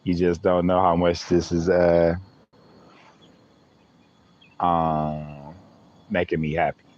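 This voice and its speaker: A man's voice: low-pitched, level tone, takes it slowly, darkish tone, lo-fi sound. A man using hosts a live stream, chatting playfully with viewers and laughing often. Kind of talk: joking live-stream chat.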